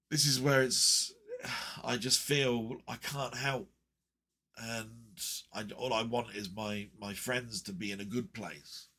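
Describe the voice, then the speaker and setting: Man, middle-aged, bright voice, rambling casual vlog chat. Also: medium pitch, slow pace. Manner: rambling and heartfelt, with fillers and restarts. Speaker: vlogger.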